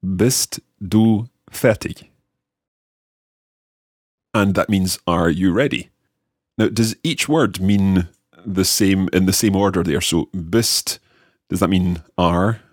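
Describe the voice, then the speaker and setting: A man hosting a podcast language lesson, carefully and slowly repeating phrases after his co-host. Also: deep voice, dry recording, studio quality. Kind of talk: friendly scripted lesson banter.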